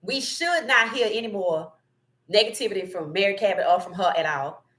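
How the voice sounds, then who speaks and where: A woman hosting a casual sports talk livestream, reading chat comments and giving animated, opinionated takes with frequent laughter. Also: mid-range voice, fairly quick.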